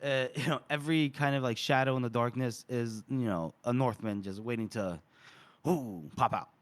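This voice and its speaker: A man's voice: medium pitch, a little fast. A man co-hosting a book podcast, playfully recapping chapters with frequent laughs.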